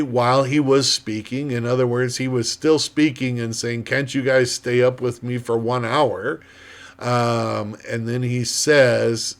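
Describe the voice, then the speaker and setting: A man leading a Bible study, reading scripture aloud and then explaining it point by point, with frequent pauses and fillers. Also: mid-range voice.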